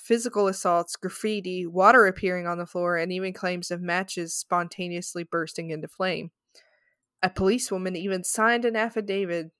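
Woman podcast host, reads ghost story dramatically, chatty asides, low voice, dry sound. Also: dry recording. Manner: dramatic, apologetic reading with quick asides. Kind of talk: reading a story aloud with casual commentary.

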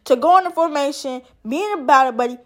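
A woman's voice: high voice, fairly quick. A young woman in army training, venting about her day to the camera in a casual, profane, exasperated rant, addressing her audience as "podcast".

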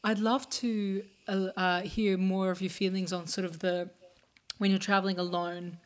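A woman's voice: mid-range voice, little pitch movement, moderate pace. A young woman, a soprano, hosting a casual podcast interview, giving encouraging affirmations and sharing her own experience.

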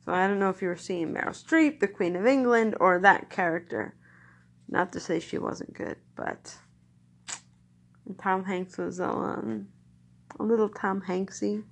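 A woman's voice: mid-range voice, a little slow, gravelly. A woman chatting casually about films in a rambling, nostalgic way. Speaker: vlogger reviewing films. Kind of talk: casual chat.

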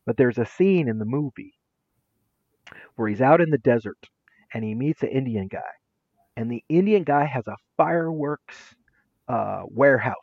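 A man speaking as an interview guest, telling stories with lively acted-out quotes. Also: medium pitch, normal speed, pauses often, dry recording, lo-fi sound. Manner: lively, acts out quotes with shifting voices. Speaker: interview guest, former teacher and administrator. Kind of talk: animated storytelling.

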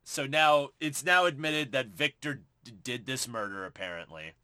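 Animated, bright-voiced man recapping a film. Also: medium pitch, moderate pace, smooth, dry recording. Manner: profane, animated retelling with quoted dialogue. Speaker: podcast co-host. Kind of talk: casual film recap chat.

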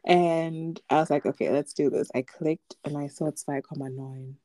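This young adult podcast co-host has a deep, mellow voice, speaking at normal speed with fairly even intonation. The talk is a casual chat in which she recounts something personal, using lots of fillers and laughing lightly.

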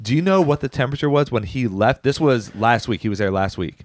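A man co-hosting a church podcast, chatting casually and telling stories in an animated, joking way. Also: medium pitch, quick pace, no echo. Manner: animated, jokey storyteller. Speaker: podcast co-host, church worker. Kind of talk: casual chat.

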